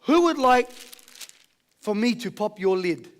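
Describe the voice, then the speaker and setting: High-pitched rallying Australian man. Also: big pitch swings, a little slow. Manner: high-energy, rallying the crowd with questions and call-and-response. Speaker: motivational speaker. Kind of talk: motivational seminar talk to a live audience.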